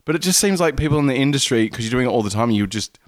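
An Australian man chats casually as a podcast co-host, laughing often and slipping into goofy voices for made-up quotes. His voice sits at a middle pitch for a man. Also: animated, rapid-fire. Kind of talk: casual chat.

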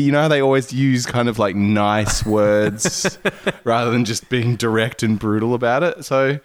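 A man's voice: mid-range voice, a little slow, clean tone. Laughing Australian man in casual chat. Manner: laughing often, acting out silly quoted voices. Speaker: podcast co-host.

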